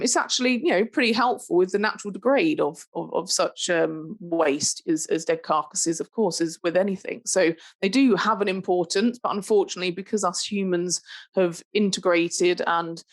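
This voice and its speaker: A woman presenting a live training webinar on pest control, chatty, with lots of fillers and restarts. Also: lowish voice. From United Kingdom.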